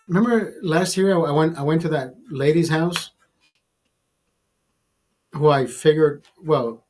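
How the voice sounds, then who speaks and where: A husky man with a fairly high voice tells a raunchy story in a loose, profane ramble. He trips over his own sentences and restarts them, plainly enjoying himself. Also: measured pace, darkish tone, soft background music. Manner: profane, rambling and self-amused, with frequent restarts. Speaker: vlogger. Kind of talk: casual storytelling monologue.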